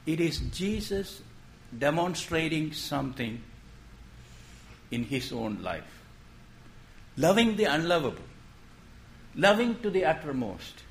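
A man preaching a sermon in a gentle storytelling way, posing questions and then dropping his voice to make a point. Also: a little high, very animated, slow, pauses often, slight background noise. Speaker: pastor.

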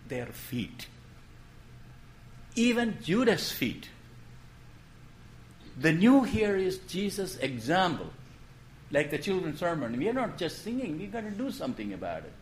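A man preaching a sermon in a gentle storytelling way, posing questions and then dropping his voice to make a point. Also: high voice, a little hiss or hum. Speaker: pastor.

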